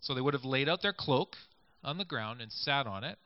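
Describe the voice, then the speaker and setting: In a dull lo-fi recording with no room sound, a male preacher speaks in a medium pitch, animated and a little fast. His sermon is conversational, mixing scripture readings with invitations to imagine the scenes.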